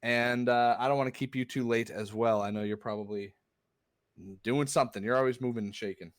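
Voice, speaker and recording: A man's voice: medium pitch, fairly even intonation, fairly quick, smooth, no echo, clean studio sound. A man co-hosting a casual chat in a laid-back, slangy way.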